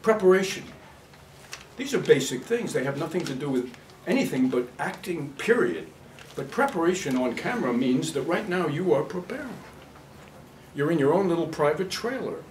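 Guy running an acting class, bouncy high-ish voice, blunt and jokey, echoey room, mic kinda far. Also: moderate pace, slight background noise. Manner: blunt, animated, demonstrative, laughing often. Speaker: acting teacher. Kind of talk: workshop lecture to a class. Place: workshop room with a live class.

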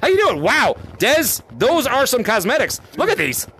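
A man hosting a live-streamed VR game chat, excitable, calling out names and laughing often, on a headset mic. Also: very high-pitched, normal speed. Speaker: gaming streamer and host.

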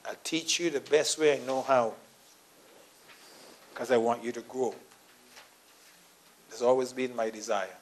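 A man preaches a sermon in his church, his voice sitting in an everyday middle register. He tells a personal story, playing out the dialogue himself and sometimes laughing at it. He drops into quiet, intimate asides, then rises into loud, emphatic preaching. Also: medium pitch, measured pace, pauses often, slight background noise. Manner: storytelling, acting out his own quoted dialogue. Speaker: pastor.

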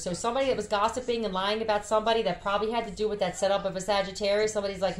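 A woman's voice: medium pitch, steady tone, rapid-fire, hardly any pauses. A tired woman with a Philadelphia accent doing a casual tarot reading, blunt and chatty with lots of swearing. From Philadelphia area. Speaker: tarot reader. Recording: echoey room with faint music. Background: faint music.

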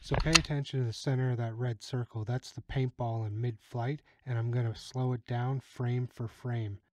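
A man with an ordinary mid-range voice narrates over his own game footage. He explains tactics in a calm, instructional way and chuckles easily as he goes. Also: medium pitch, normal speed, poor audio. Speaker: channel host.

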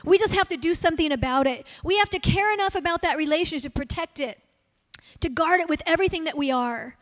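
Woman pastor preaching at church, very high voice, earnest, acts out prayers. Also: fast, a bit bright. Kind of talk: sermon. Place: church service.

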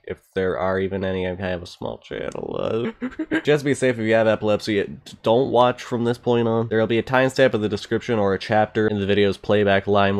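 A young man giving let's-play commentary, excitable and complaining loudly at the game. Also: on the low side. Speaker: gameplay streamer.

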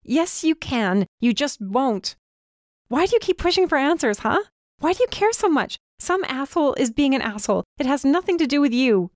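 A woman voicing a frightened but defiant young female student, emphatic and often shouting. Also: mid-range voice, moderate pace, dry recording, clean studio sound, lightly acted. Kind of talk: audiobook character voice.

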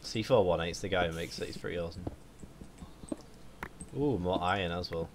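A man's voice: low-pitched, fairly quick, background noise. A young man chatting casually and jokily while playing a game with friends, boasting about his finds. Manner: boastful, jokey. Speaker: gamer. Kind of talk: casual gaming chat.

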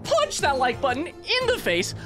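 A man's voice: huge pitch swings, normal speed, over music, full character voice. A man putting on a hyper, over-the-top young gaming YouTuber in a put-on Irish accent. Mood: hyped. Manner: exaggerated, squeaky and over-the-top.

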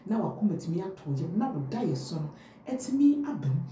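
A woman with a Ghanaian accent teaching French phrases to Twi speakers, drilling each phrase slowly and repeating it. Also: fairly low pitch, distant mic, a little hiss or hum. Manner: lively, drawn-out repetition of phrases. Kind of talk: language lesson, repeat-after-me drills. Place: France. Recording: echoey room, off mic, faint ambience.

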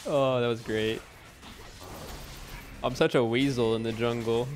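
A man giving live gameplay commentary as a streamer at home, excitable and bursting into yells and laughs. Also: mid-range voice, measured pace, soft background music. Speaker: gaming streamer. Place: home room with window open.

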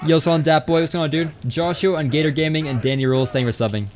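A man's voice: on the high side, steady tone, rapid-fire. A young man live-streaming a game, chatting casually and reading out viewer messages as he plays. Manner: casual, rambling, reads chat aloud. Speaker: gaming streamer. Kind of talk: live stream chat while gaming.

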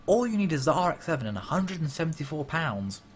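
A man's voice: a little high, very animated, quick pace, a little hiss or hum. A man voicing an overly polite, eager male car salesman in a game commentary.

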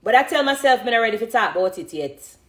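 A woman's voice: fairly high pitch, expressive, quick pace. A woman in her thirties with a Jamaican accent, chatting on a phone live stream, reading comments and laughing often. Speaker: dancehall artist on a live stream. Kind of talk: casual live-stream chat.

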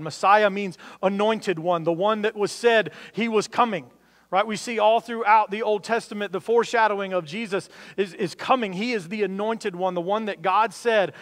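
Earnest high-voiced preacher, reverberant. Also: male voice, normal speed, a bit bright. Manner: earnest, with frequent restarts and rising emphasis. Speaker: pastor. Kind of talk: sermon.

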